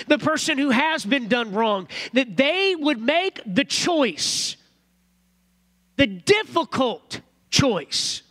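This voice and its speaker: A man preaching a sermon as pastor in a church, earnest and animated, often repeating phrases. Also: very high voice.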